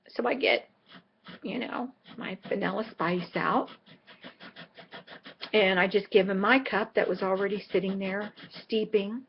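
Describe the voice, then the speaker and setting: A woman's voice: mid-range voice, a little slow, creaky, pauses often, lo-fi sound, slight background noise. A middle-aged woman vlogging in a casual, rambling way, telling a chatty story full of asides. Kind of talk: casual chat.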